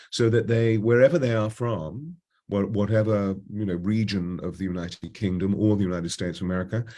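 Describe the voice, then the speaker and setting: Reflecting on his past in an interview, this man in his seventies speaks with a refined RP British accent and a husky, low voice. A voice coach by trade, he alternates lively outbursts with quiet, slow passages.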